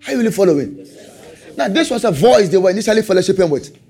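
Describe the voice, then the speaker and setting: A man preaching a sermon, animated, repeating rhetorical questions and laughing often. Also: high-pitched, quick pace, slightly rough, faint music behind.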